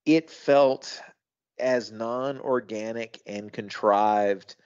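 A man co-hosting a wrestling podcast, talking in a casual, thoughtful way with halting restarts and emphatic asides. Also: lowish voice, darkish tone, clear, resonant tone, dry recording, muffled recording. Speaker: podcast co-host.

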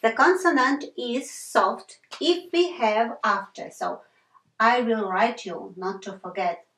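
Female teacher, slow and patient, roomy echo, mic set back. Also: fairly high pitch, fairly bright tone. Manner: patient, repeats sounds many times, apologizes for slips. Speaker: language teacher. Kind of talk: slow whiteboard lesson with repeated examples.

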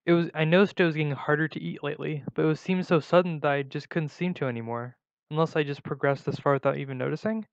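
A man reading a first-person story aloud in a plain, steady way, with small slips and restarts. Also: fairly high pitch, quick pace, gravelly, no room sound. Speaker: story reader. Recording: dull lo-fi recording.

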